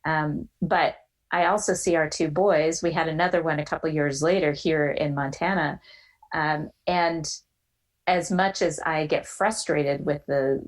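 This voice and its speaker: A woman in her forties telling a personal story as a podcast guest, animated and quick to act out the voices of others. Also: sits low, low-quality recording.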